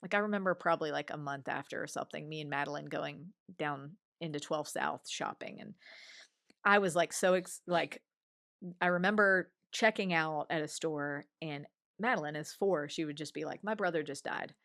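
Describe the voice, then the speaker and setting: A woman's voice: deep voice, normal speed, creaky, no echo, studio quality. A woman in her forties, a guest on an interview show, telling a personal story conversationally and acting out what others said. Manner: animated storyteller, acts out others' remarks.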